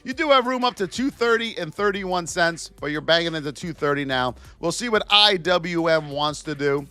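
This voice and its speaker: A man teaching stock trading while reviewing charts live, in an excitable, playful way with frequent exclamations. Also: fairly high pitch, normal speed, clean tone. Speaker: trading educator.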